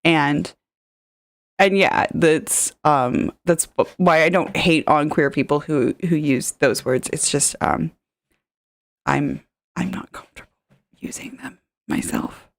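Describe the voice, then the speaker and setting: A woman's voice: low-pitched, fairly even intonation, slow, no echo. A woman streamer reacting to a video in casual commentary, rambling with lots of fillers and reading chat messages aloud.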